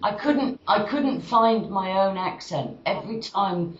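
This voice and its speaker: A woman talking on a video call, telling a story in an animated, insistent way. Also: mid-range voice, measured pace. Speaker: call participant. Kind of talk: casual conversation. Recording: echoey, dull call audio with faint background noise.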